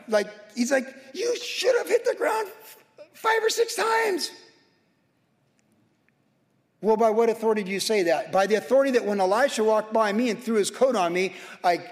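A man preaching with a high, ringing voice, fervent and emphatic, driving his points home by piling up phrase after phrase. His sermon carries the long reverb of a big hall. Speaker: pastor.

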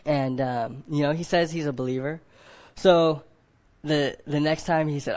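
A man's voice: on the high side, moderate pace, darkish tone, muffled recording. A man preaching a sermon to a group of men. He keeps asking them questions, often adds "right?", and acts out other people in quoted voices.

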